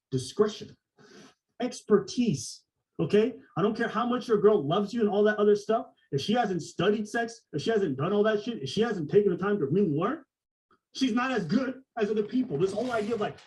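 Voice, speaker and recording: A man on a podcast ranting in a mocking, profane way, with lots of quick restarts and acted-out quotes. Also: sits high, a little mellow, distant mic, low-quality recording. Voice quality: mocking, profane, fast-talking. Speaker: podcast co-host. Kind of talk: heated podcast rant.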